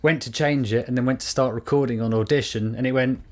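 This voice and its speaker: A man's voice: medium pitch, steady tone, quick pace. A man from the United Kingdom co-hosting a podcast, talking casually and acting out quoted voices as he tells a story. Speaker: podcast co-host. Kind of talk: casual chat. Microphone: studio microphone.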